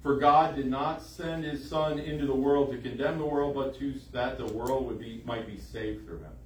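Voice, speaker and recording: A man's voice: medium pitch, normal speed, slight background noise. A man preaching a sermon in an emphatic way, repeating phrases for emphasis. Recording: echoey room, voice from a distance.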